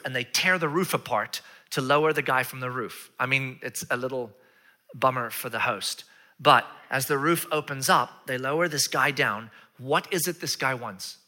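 A man delivers a sermon in a very bright, ringing voice, swinging between lively storytelling and hushed, whispered quotes. His delivery is animated, with playful, joking asides to the congregation. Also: medium pitch. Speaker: pastor.

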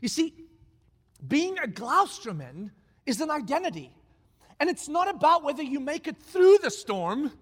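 A man's voice: extremely high pitch, normal speed. A man preaching a sermon, telling a story with emphasis and acting out the lines of the people in it. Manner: animated, acts out quoted lines, emphatic. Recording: long reverb of a large hall.

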